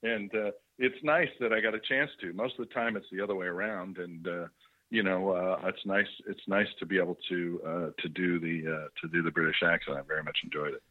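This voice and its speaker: Low-voiced man rambling over a phone line. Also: steady tone, brisk. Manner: rambling, laughing, with many fillers. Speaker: actor guest. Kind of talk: casual phone interview.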